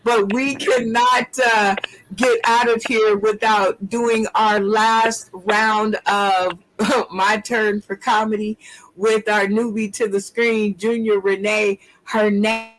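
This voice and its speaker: A man's voice: sits high, level tone, slow, fairly bright tone, slight background noise, poor audio. A man hosting an online comedy show over video call, laughing and calling out to the audience like an emcee. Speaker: host.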